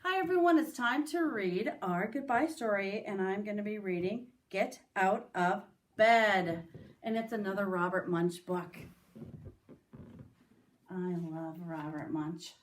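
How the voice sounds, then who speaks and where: A woman's voice: medium pitch, a little slow, a little hiss or hum. A woman teacher reading a picture book aloud to young children, with small voices for the characters. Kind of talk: storybook read-aloud for children.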